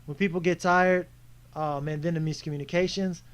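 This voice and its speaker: A man's voice: a little high, brisk. A man commenting casually on footage of his own basketball game, frustrated and critiquing his teammates. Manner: frustrated, animated coaching critique.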